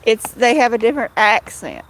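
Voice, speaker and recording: Lively Southern woman chatting on a livestream. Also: on the high side, moderate pace, no room sound. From Southern United States. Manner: rambling, greets viewers by name, laughs often. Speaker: livestream host. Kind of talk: casual livestream chat.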